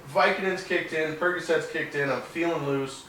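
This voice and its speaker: A man's voice: fairly high pitch, moderate pace. A man co-hosting a casual podcast, telling a crude story with swearing and laughter. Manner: animated, swearing, laughing while talking. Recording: roomy distant mic with background noise.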